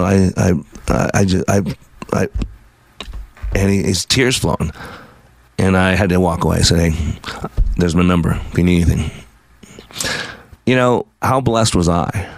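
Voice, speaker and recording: Man, deep voice, rambling earnest testimony, dry sound. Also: no echo. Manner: rambling, halting, restarts often; earnest, religious storytelling. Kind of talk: personal testimony with reading.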